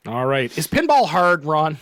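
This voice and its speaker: This is a man with an Atlantic Canadian accent, co-hosting a podcast in an easygoing, rambling way. His voice sits a bit high for a man. He is recorded close and dry, with no room sound. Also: normal speed, dry recording. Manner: animated, rambling, fond of "like" and "right?". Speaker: podcast co-host. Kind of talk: casual chat.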